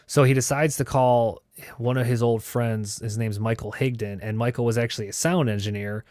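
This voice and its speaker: A man's voice: mid-range voice, fairly even intonation, fairly quick, a little mellow, no room sound, clean studio sound. A man hosting a show, telling a story in a loose, casual way, swearing and filling his talk with "like" and "you know". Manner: loose and profane, heavy with fillers. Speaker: host.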